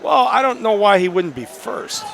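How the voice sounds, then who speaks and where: A man giving joking color commentary at a high school basketball game, tossing out playful wisecracks and banter between calls. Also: big pitch swings, normal speed, creaky, a bit bright. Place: school gymnasium. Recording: cheering gym crowd and noise behind.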